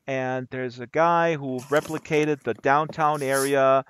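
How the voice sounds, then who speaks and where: A man from Germany telling a story at an open mic in a casual, animated way, with many fillers and restarts, acting out the voices of the people in it. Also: mid-range voice, takes it slowly, slight background noise.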